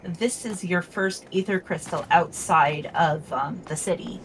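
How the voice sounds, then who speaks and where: A woman's voice: on the low side, a little slow, slight background noise, poor audio. A woman co-hosting a casual game stream, explaining game details helpfully. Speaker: co-host giving game tips. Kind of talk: casual let's play chat.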